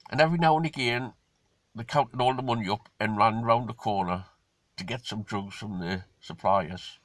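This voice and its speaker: A man's voice: on the low side, normal speed, a bit bright, dry recording. A man giving a casual, ranting monologue, blunt and indignant. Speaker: vlogger.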